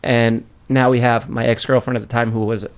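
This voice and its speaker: A man's voice: medium pitch, level tone, a little fast, smooth. New York man telling loose stories. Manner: loose, profane storytelling with laughs. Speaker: podcast host. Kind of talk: casual chat.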